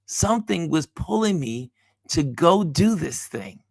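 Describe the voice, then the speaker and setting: A man with a gravelly, creaky voice hosts a motivational talk, telling a personal story with lively, acted-out dialogue. The recording is close and dry, with no room echo. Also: fairly high pitch, a little slow. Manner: animated storyteller acting out dialogue. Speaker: host.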